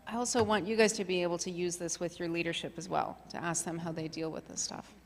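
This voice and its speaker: A middle-aged woman facilitates a community leadership workshop, her fairly low voice carrying the long reverb of a meeting hall. She talks fast with fairly even intonation, keeping the casual presentation loose and conversational, full of fillers.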